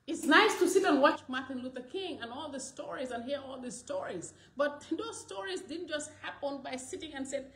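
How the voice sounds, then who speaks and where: Impassioned woman, high and echoey. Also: lively intonation, moderate pace, hardly any pauses. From the Gambia. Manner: rising to loud exclamations, mixing in Wolof. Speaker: commentator from the diaspora. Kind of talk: impassioned monologue.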